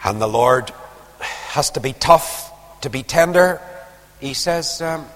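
A man's voice: mid-range voice, lively intonation, slow. Dramatic preacher man in a big hall. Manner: dramatic storytelling, swinging from loud urgency to hushed near-whispers. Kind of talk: sermon.

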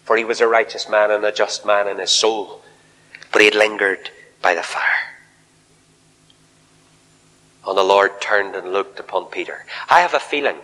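A man preaching a fiery revival sermon in a large church hall, swinging from shouted appeals to hushed near-whispers. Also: fairly low pitch.

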